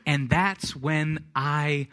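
A man's voice: fairly high pitch, fairly even intonation, very slow, a bit bright. A middle-aged man preaching a sermon, telling a personal story with self-deprecating humor before turning to scripture. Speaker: pastor.

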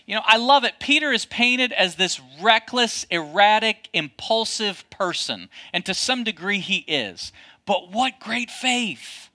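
A man preaching a sermon as a pastor, addressing his congregation with lively rhetorical questions. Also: high voice, measured pace.

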